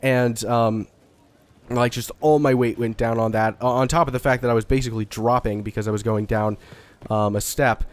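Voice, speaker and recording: A man's voice: mid-range voice, steady tone, moderate pace. A young man from the Dallas–Fort Worth area, getting over a cold, giving casual, rambling gameplay commentary with frequent swearing and fillers. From Dallas–Fort Worth area, Texas. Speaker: let's-play gamer.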